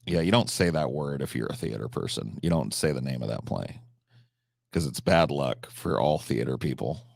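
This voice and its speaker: A man's voice: extremely low pitch, animated, normal speed, creaky, dry recording, studio quality. A man chatting casually on a live stream, answering chat questions, swearing freely, with frequent restarts and fillers.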